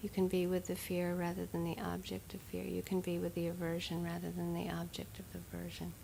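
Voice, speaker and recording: A woman giving a dharma talk as a meditation teacher, speaking conversationally with frequent fillers and soft laughs. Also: on the low side, monotone, brisk, gravelly, slight background noise.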